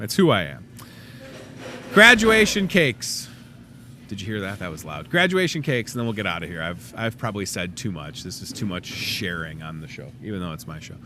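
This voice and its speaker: Male host, casual deal rundown, self-mocking jokes, bright forceful tone. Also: lowish voice, a little hiss or hum. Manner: goofy and chatty, jokes at himself. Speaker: host of a store talk show. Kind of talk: casual talk-show ad rundown.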